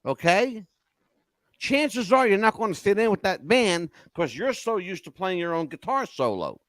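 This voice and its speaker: A man's voice: sits high, sing-song, normal speed, fairly bright tone, no room sound. Emphatic older man telling stories, dry audio. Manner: emphatic, keeps asking "okay?". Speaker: podcast host. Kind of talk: animated storytelling chat.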